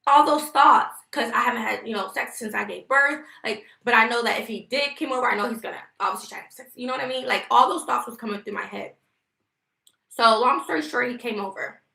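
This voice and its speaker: A woman tells a personal story straight to her viewers, emphatic and profane. Her voice sits a little high and has a gravelly fry. The sound bounces around a reverberant room. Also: pushed and bright. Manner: emphatic, heated, profane, addresses viewers directly. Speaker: vlogger. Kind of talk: casual venting storytime to viewers. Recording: echoey room.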